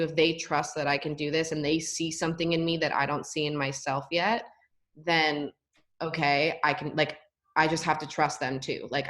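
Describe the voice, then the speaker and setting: Low-voiced young woman, candid and chatty. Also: a bit bright. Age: young adult. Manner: candid, frequent "like" fillers. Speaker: former college volleyball player, guest. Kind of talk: casual interview talk.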